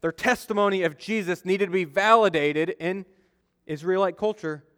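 A man's voice: sits high, normal speed, a bit bright, smooth. A young adult man preaching a conversational sermon as a pastor, telling stories and acting out quotes. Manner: conversational, storytelling with acted-out quotes. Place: church sanctuary. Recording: long reverb of a church hall.

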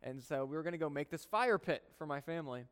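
Pastor preaching with a smooth, reverberant voice. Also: male voice, fairly high pitch, fast. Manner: conversational storytelling, swinging between soft earnest and loud animated. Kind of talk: sermon. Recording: long hall reverb.

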